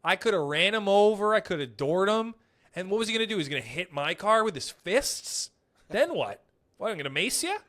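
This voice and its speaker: A young man hosting a casual podcast, telling stories in an animated, profane way. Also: high voice, brisk. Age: young adult. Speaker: podcast host; comedian.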